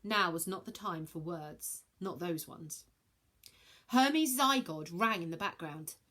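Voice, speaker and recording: A woman reading a children's novel aloud, switching into many character voices with shouts and whispers. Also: lowish voice, lively intonation, slow pace. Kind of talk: expressive storybook read-aloud.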